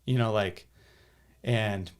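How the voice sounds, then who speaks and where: A man's voice: lowish voice, takes it slowly, smooth. An American man in his thirties, a podcast guest telling a personal story in earnest, casual talk with many restarts and repeated words. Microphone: podcast studio microphone.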